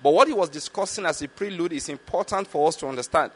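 A man delivers a Bible teaching sermon in a voice pitched a little high for a man. He reads verses slowly and deliberately, then explains them. He keeps asking his listeners whether they are following the point. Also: breathy edge. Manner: checks in with listeners with repeated questions. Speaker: preacher.

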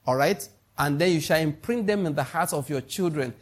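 A man's voice: on the high side, fairly quick. A middle-aged man with a Nigerian accent preaching a sermon, emphatic, repeating key phrases and checking that his listeners follow. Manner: emphatic, repeats lines, asks the congregation questions. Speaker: pastor.

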